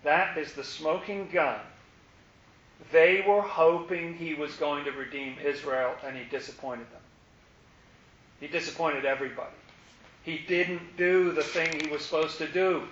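A man's voice: on the high side, measured pace. A man teaching a Bible study, asking questions and acting out the lines of the crowd. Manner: animated, asks questions, acts out the crowd's lines. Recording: echoey, muffled room recording with faint hiss.

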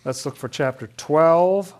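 A man's voice: fairly high pitch, unhurried, a little mellow. A man leading a casual Bible study, thinking aloud and asking questions about the passages.

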